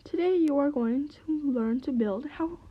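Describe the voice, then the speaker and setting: A woman's voice: high-pitched, unhurried, muffled recording. A woman doing a chirpy bossy magpie teacher.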